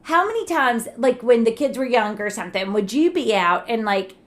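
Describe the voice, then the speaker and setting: A middle-aged woman co-hosting a casual podcast, laughing easily and getting heated when she makes her point. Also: mid-range voice. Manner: warm, quick to laugh, gets animated when arguing. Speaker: podcast co-host. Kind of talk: casual chat.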